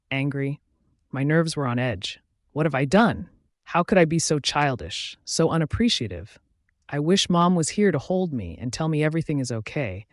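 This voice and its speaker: A man's voice: a little high, no room sound. Man reading an audiobook, dry and close. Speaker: audiobook narrator. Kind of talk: first-person audiobook narration.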